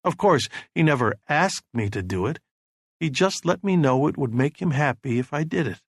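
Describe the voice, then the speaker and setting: A man narrating a novel as an audiobook in a steady, measured storytelling voice. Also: fairly high pitch, husky, no room sound, clean studio sound. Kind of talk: scripted narration.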